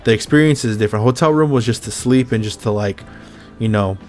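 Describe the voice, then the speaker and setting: A man's voice: lowish voice, a little fast, a little mellow, soft background music. A man hosting a podcast in casual chat, ranting bluntly and swearing often. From Mexico's Baja California border region. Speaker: podcast host.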